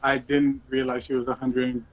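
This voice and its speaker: A man playing a tabletop game, sounding flat and a little defensive. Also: mid-range voice, normal speed, dull audio. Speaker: player. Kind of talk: casual chat during a game.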